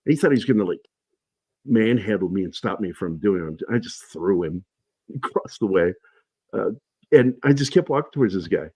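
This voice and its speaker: Middle-aged guy on a stream, husky lowish voice, animated storytelling, dry sound. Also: normal speed, dry recording. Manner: animated anecdotes, shouting in quoted lines. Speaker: guest. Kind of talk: casual storytelling on a livestream.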